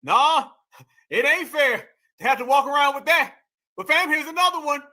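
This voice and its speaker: A man's voice: extremely high pitch, lively intonation, moderate pace, sharp tone. A man hosting a casual reaction commentary, incredulous and slangy. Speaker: host reacting to clips.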